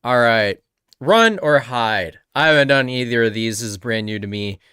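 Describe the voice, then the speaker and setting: A man's voice: mid-range voice, lively intonation, moderate pace, bright, forceful tone, smooth, no room sound, studio quality. A man streaming a live reaction, talking casually and rambling with frequent backtracking.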